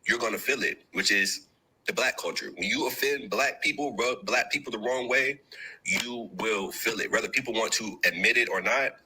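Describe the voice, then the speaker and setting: A man's voice: mid-range voice, fairly quick, pushed and bright, slightly rough, rough recording. A man from the United States telling a story in a chatty opinion clip, addressing the listener directly.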